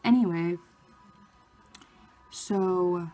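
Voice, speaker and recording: A woman vlogger telling a story in a casual, excited way, with lots of "like" fillers. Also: on the low side, extremely slow, soft background music. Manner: excited retelling of a fan encounter, many "like" fillers.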